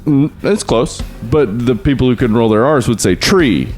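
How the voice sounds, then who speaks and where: A man's voice: medium pitch, moderate pace, darkish tone, faint music behind. A married man co-hosting a comedy movie podcast, chatting easily and laughing a lot. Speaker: podcast co-host. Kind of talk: casual comedic chat.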